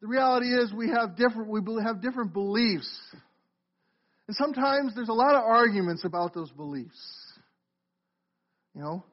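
A middle-aged man with a strikingly high voice delivers a sermon from the pulpit. His manner is conversational, and he often turns to question the congregation. The church recording sounds muffled and lo-fi. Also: animated, normal speed, long pauses. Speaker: pastor. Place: church sanctuary.

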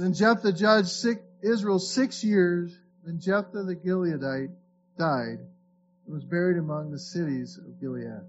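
Speaking in a high-sitting voice, a man who pastors in Florida preaches conversationally, reads scripture aloud, and often restarts his words. The audio is dull, with slight background noise.

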